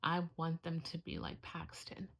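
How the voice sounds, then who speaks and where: Earnest mother with a gravelly low voice. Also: big pitch swings, a little slow, in a whisper. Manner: heartfelt, earnest, fighting back tears. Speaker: homeschooling mother. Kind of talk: emotional casual vlog.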